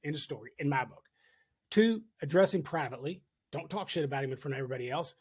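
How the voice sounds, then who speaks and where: A man's voice: fairly high pitch, animated, quick pace, darkish tone, breathy edge. A man hosting a casual podcast, telling a firehouse story in a candid, storytelling way, swearing freely. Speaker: podcast host, firefighter. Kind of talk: casual conversation.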